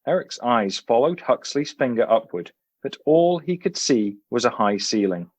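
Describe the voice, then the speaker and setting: A male author reading his book aloud, then chatting in a relaxed way as a podcast guest. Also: mid-range voice, unhurried, no echo. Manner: relaxed and expressive, some uh fillers.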